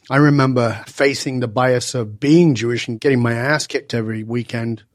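A man in his sixties from Northern England, a guest telling stories in conversation and acting out the dialogue with lively voice changes. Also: medium pitch, no echo, studio quality. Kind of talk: animated storytelling in conversation.

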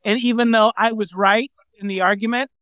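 High, smooth-voiced man, wry and deadpan. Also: brisk, dry recording. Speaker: comedian guest. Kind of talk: casual memorial chat.

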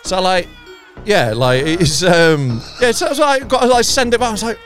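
A man's voice: high-pitched, moderate pace, a bit bright, faint music behind. A man telling a rambling, sweary story on a podcast. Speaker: podcast host.

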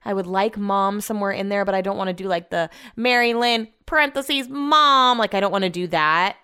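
A woman's voice: medium pitch, moderate pace, sharp tone, clean tone. A young woman hosting a casual solo podcast from home, rambling and chatty with lots of fillers and restarts. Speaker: podcast host. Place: home, upstairs room.

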